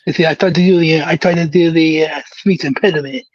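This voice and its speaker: A man's voice: on the high side, fairly even intonation, quick pace, no room sound, lo-fi sound. A man co-hosting a casual podcast, joking around and slipping in and out of impression voices. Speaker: podcast co-host. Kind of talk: casual chat with wrestler impressions.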